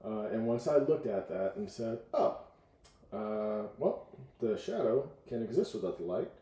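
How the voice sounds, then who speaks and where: A man coaching in a casual podcast conversation, telling stories with lively acted-out quotes. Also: fairly low pitch, a little slow, roomy sound. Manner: animated storyteller, acts out voices in quotes.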